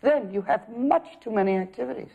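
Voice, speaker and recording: A man coaching an acting student in a high voice. He is direct and probing, asking questions. The sound is thin and phone-like. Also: fairly quick, gravelly, breathy edge. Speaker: acting teacher. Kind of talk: coaching feedback.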